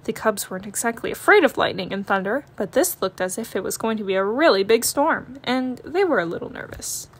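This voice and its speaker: A woman narrating a children's picture book read-aloud in a gentle, expressive storytelling manner. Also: fairly high pitch, fairly quick, hardly any pauses, slight background noise.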